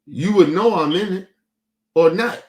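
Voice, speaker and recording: A young man holds forth on his stream in a heated, profane rant. He circles back and repeats his points, and his voice sits a little higher than most men's. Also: unhurried, darkish tone. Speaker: streaming show host. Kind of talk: casual rant to a stream audience.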